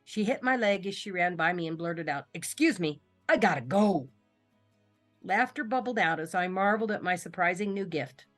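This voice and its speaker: A woman's voice: fairly low pitch, brisk, few pauses, fairly bright tone, faint music behind. Woman reading her own story aloud. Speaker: writing student. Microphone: video call.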